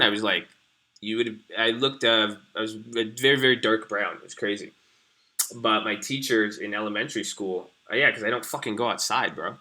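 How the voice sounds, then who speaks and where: A man's voice: mid-range voice, bright, forceful tone. Rambling, slangy young man streaming. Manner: rambling, slangy and profane, chatting to viewers. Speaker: stream host. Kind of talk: casual live-stream commentary.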